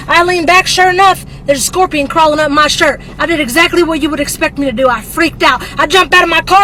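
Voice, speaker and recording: A woman's voice: extremely high pitch, bright, forceful tone, a little hiss or hum, poor audio. A woman, telling a comic story in a folksy, exaggerated way. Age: 20s.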